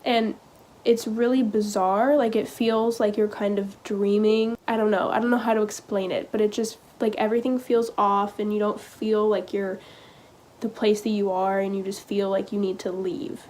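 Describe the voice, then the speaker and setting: A woman's voice: medium pitch, level tone, darkish tone. Hesitant teenage girl telling a story. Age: teens. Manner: hesitant, halting, heavy use of "like" and "um". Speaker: vlogger. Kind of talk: casual personal storytelling.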